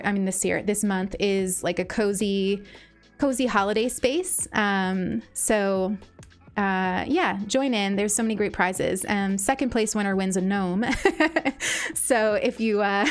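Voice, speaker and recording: Female streamer, casual and effusive, stumbles over words, light music bed behind. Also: mid-range voice. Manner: gushing and grateful, many ums and restarts. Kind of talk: casual live-stream chat.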